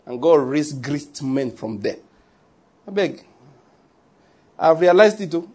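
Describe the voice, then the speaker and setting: A man's voice: fairly high pitch, animated, takes it slowly, darkish tone, breathy edge. A man with a Nigerian accent, a pastor preaching a sermon in a joking, conversational way with pidgin asides.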